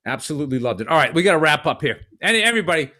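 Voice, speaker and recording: A man's voice: a little high, racing. A man co-hosting a podcast, telling stories with a lot of swearing and animation. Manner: profane, animated storytelling. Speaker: podcast co-host. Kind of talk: casual podcast chat.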